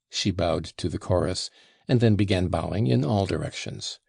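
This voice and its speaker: A man reading a classic novel aloud as an audiobook narrator, measured and unhurried. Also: deep voice, creaky, darkish tone, slightly rough, no echo, studio quality.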